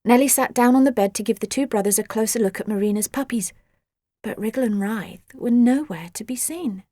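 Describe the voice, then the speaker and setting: A woman narrating a children's audiobook with expressive, dramatic storytelling. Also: fairly high pitch, a little fast, no echo, studio quality.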